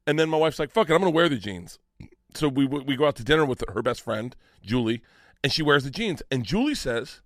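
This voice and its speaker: A man in his forties telling stories on a podcast, animated and profane, laughing as he talks. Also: mid-range voice, brisk, no room sound, studio quality. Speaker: guest storyteller. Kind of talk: casual podcast storytelling.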